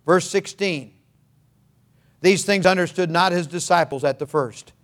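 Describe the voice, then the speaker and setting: A man preaching a sermon as pastor, fervent and rising at times into shouts. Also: high-pitched, measured pace.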